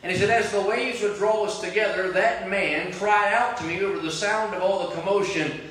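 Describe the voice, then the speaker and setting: Impassioned preacher in an echoing church. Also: male voice, high voice, normal speed. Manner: preaching, rising to loud impassioned cries. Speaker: pastor. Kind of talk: sermon. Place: large church sanctuary. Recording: very echoey church from a distant mic.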